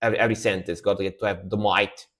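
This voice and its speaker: A man chatting casually on a music reaction live stream, laid-back and rambling, often trailing off quietly. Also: on the low side, steady tone, very fast.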